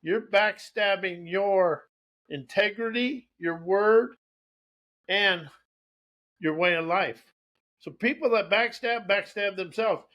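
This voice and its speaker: A man's voice: high-pitched, slow pace, pauses often, fairly bright tone, highs cut off. A man giving a rambling spiritual monologue, preaching as he goes, repeating key phrases and restarting his sentences. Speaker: motivational speaker.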